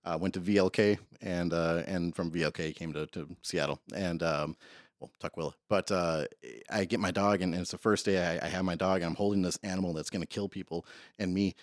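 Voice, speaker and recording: Male guest, police dog trainer, deep voice, rambling storyteller, dry studio. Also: steady tone, fairly quick, no echo. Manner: rambling, self-interrupting storyteller. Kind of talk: casual storytelling interview.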